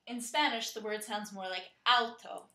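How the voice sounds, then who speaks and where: Bright-voiced woman teaching a lesson. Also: a little high, reverberant. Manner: clear, steady explanatory delivery, slowing to spell and pronounce words. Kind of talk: scripted lesson narration.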